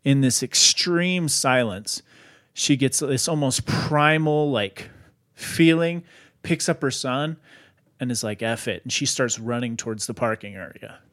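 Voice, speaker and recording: Male podcast host, conversational storyteller, lively, loose delivery. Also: mid-range voice, measured pace. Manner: animated, lots of "like" fillers. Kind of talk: casual storytelling.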